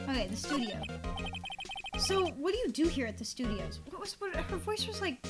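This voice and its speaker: A woman's voice: high-pitched, big pitch swings, brisk. A woman streaming a game, giggling, swearing freely and reading dialogue aloud in casual commentary. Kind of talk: casual let's-play commentary. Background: game music.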